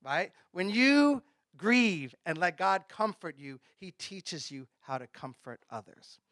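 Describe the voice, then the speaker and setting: Male pastor, high bright voice, chatty sermon delivery, dry close sound. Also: lively intonation, slow, dry recording. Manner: conversational preaching, sudden drops to a hush.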